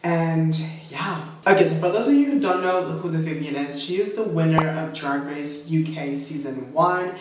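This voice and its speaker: A chatty, self-deprecating man talking through a makeup review in a somewhat high voice. He rambles into asides and jokes at his own expense. The sound is very echoey and a little distant from the mic. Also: normal speed, hardly any pauses, background noise. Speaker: beauty vlogger. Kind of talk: casual makeup review chat.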